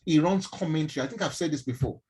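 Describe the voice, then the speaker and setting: A man with a Nigerian accent gives an animated mentoring talk on a live stream and often asks his listeners questions. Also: on the high side, quick pace, husky, rough recording. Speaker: mentor speaking to young people.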